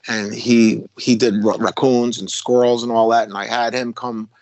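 Middle-aged ex-cop telling stories, rambling and dry. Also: male voice, medium pitch, little pitch movement, normal speed, a little mellow, dry recording, low-quality recording. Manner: rambling, with restarts and self-corrections. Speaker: guest, former police officer. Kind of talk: casual storytelling conversation.

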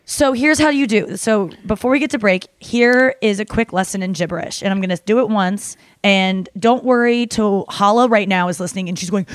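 A woman's voice: mid-range voice, fairly quick, hardly any pauses, no echo. A young woman hosting a podcast, chatting casually with friends, rambling and explaining things with lots of fillers and the odd swear word. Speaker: podcast host. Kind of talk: casual chat.

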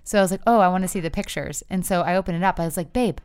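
Chatty woman co-host with a smooth low voice. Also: racing. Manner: chatty, lots of fillers, animated storytelling. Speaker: podcast co-host. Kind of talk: casual chat.

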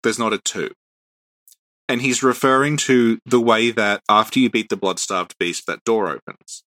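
A man's voice: fairly low pitch, fairly even intonation, normal speed, a bit bright, dry recording. Man explaining game lore in casual chat. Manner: explains patiently, laughs often. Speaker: podcast co-host.

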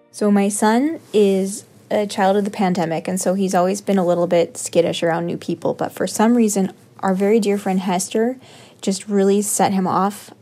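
A woman's voice: medium pitch, warm tone. A woman telling a story about her young son, wry and laughing as she goes.

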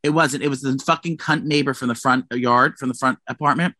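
A New man chats on a gossip podcast with a bright, forward voice. He swears freely and keeps breaking off and restarting mid-sentence. The sound is dry and close, with no room around it. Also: mid-range voice, fairly even intonation, fairly quick, dry recording. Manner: profane, rambling storyteller with many restarts. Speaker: podcast co-host. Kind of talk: casual gossip chat.

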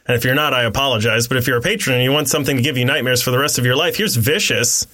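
A man co-hosting a casual podcast about nerd news, sarcastic and grumbling, who slips into quick celebrity impressions. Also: medium pitch, pushed and bright. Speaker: podcast co-host.

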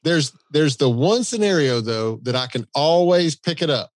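A man's voice: a little high, animated, dry recording. A man with a Southern American accent co-hosting a podcast, chatting in an easygoing, agreeable way. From Southern United States. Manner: easygoing, agreeable, quick to laugh. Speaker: podcast co-host. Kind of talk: casual podcast chat.

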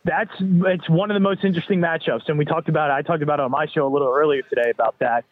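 A man's voice: fairly high pitch, steady tone, rapid-fire. A man with a Philadelphia accent breaking down a football matchup as a guest analyst, thinking aloud with some filler words. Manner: thoughtful, hedging with filler words. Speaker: radio show host as guest. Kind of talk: sports betting analysis. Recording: dry tinny phone line.

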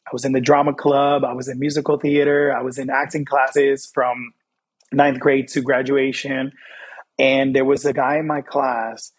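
A young adult man from Fort Lauderdale, telling personal stories as an interview guest in quick, animated bursts. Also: medium pitch, slightly rough. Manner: animated, quick bursts, acts out quoted voices. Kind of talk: candid personal storytelling.

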